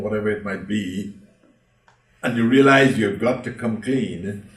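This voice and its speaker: A man preaching a sermon to a congregation, telling the story dramatically and asking them rhetorical questions. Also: mid-range voice. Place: church hall. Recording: roomy hall, from a distance.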